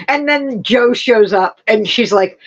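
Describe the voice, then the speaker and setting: Woman livestream host, chatty and unhurried, answers viewer comments, lo-fi stream sound. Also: on the high side, expressive. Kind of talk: casual livestream chat. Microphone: streaming setup with laptop.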